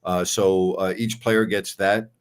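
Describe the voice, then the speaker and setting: A man's voice: low voice, flat delivery, slow, clear, resonant tone. An older man hosting a sports call-in show, blunt and emphatic when he argues. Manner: blunt, gets loud and emphatic when arguing. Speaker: sports radio host.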